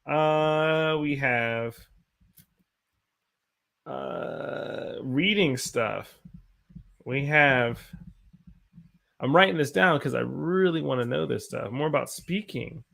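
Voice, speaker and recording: Young American male teacher, casual live-stream chat, slightly gravelly voice, animated. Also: fairly high pitch, slow, pauses often. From United States. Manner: chatty, animated, greets viewers by name.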